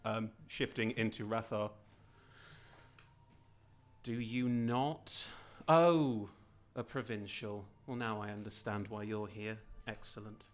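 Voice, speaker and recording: A man's voice: lowish voice, fairly even intonation, slow. A man playing a haughty, snobbish shapeshifter. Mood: condescending. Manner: pompous, condescending. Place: live theatre stage.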